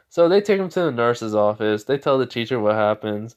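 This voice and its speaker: A man's voice: medium pitch, animated, a little fast, clean tone, highs cut off. A man casually telling a made-up story off the cuff, rambling with lots of "like" and "you know". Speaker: fan fiction storyteller. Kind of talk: casual improvised story narration.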